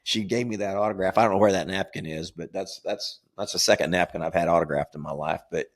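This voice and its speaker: A man's voice: low-pitched, fast. An older man telling a rambling story as a podcast co-host, repeating words and laughing at his own tale. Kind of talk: casual storytelling.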